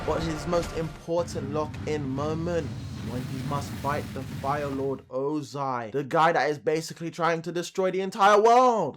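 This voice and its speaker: Hyped, slangy man with a high voice. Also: a bit bright. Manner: drops into silly voices for quoted characters. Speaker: commentary video host. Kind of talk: comedic anime and cartoon commentary.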